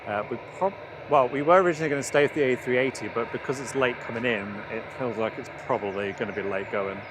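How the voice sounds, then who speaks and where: A man's voice: medium pitch, quick pace. Jokey man chatting outdoors, noisy background. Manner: jokey, laughs often, banters. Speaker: co-host of a live plane-spotting stream. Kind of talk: casual chat. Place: outdoors at an airport. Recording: outdoor stream with clear background noise.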